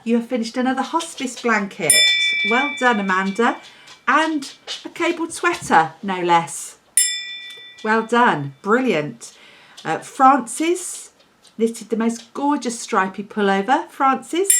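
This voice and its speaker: A woman's voice: mid-range voice, slight background noise. A woman hosting a podcast, chatting casually and cheerfully to camera as she congratulates listeners. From England. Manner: chatty and upbeat, scolding her dog between shout-outs. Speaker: podcast host.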